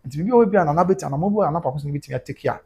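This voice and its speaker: A Ghanaian man hosting a livestream talks quickly in a somewhat high voice. He jumps between Twi and English as he reads out viewer comments. His delivery is animated throughout. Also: breathy edge. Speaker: host.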